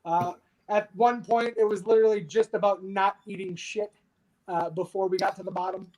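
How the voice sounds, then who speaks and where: A man in his thirties from the United States, a podcast guest telling a war story candidly and with dark humor, swearing freely. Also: high voice, steady tone, normal speed, low-quality recording. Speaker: podcast guest, army veteran. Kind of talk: casual storytelling interview.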